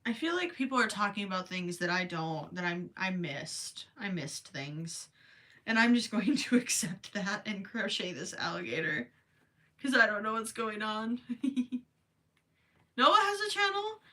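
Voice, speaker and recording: A little slow and lively in intonation, her mid-range voice pushed and bright, a young Minnesotan streamer crochets late at night. She giggles, chats, and reads comments aloud, fretting from tiredness about losing her voice.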